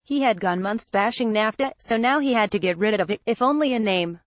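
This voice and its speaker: In an evenly measured manner, a woman presents a trade-policy newsletter in scripted news form. The recording is dry and her pitch sits in the middle range.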